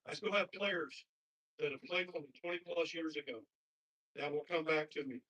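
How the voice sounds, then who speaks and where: A man's voice: fairly high pitch, moderate pace, bright, forceful tone. A man who coaches basketball giving an earnest commencement speech to graduates, repeating plain advice. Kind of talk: commencement speech with a told story. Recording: husky voice from far off the mic.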